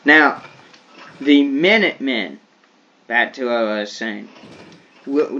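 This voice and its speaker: A man from the United States talking over gameplay in a slow, deliberate way, repeating words as he thinks. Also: a little high, a bit bright, dull audio. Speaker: gaming video creator. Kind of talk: gameplay commentary.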